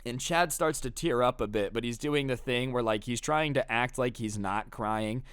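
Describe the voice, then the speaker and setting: Smooth, slangy young male storyteller. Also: medium pitch, moderate pace, no echo, studio quality. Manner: animated, slangy, addresses viewers. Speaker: storytime narrator. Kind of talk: casual storytime narration.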